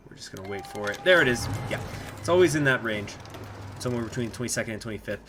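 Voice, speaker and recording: A man giving a casual gameplay walkthrough as a strategy game guide host, explaining as he goes and pausing often to think aloud. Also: mid-range voice, animated, a bit bright, faint music behind. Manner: chatty, explanatory, thinks aloud with many filler pauses.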